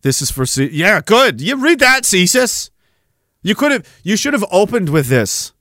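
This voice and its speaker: A man's voice: high voice, sing-song, normal speed, bright, forceful tone, no room sound, clean studio sound. A man hosting a live stream, chatting casually in a rambling, profane way and laughing often. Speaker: podcast host. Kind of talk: casual livestream chat.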